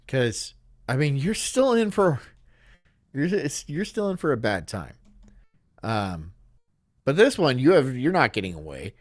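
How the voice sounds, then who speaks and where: Rambling, crude male streamer with lively pitch. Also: measured pace, pauses often, no room sound, clean studio sound. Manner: rambling, laughing at his own jokes, loud bursts. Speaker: streamer host. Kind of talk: crude casual stream banter.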